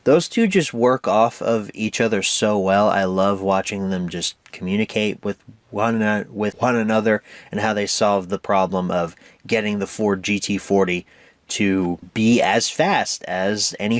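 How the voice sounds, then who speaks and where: A young man hosting a casual home media review, animated and rambling, often correcting himself. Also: on the low side, no echo.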